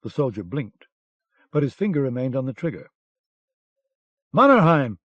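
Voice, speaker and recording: A man narrating an audiobook with a measured, dramatic reading, recorded on a dull lo-fi cassette. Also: medium pitch, lively intonation, mellow, dry recording.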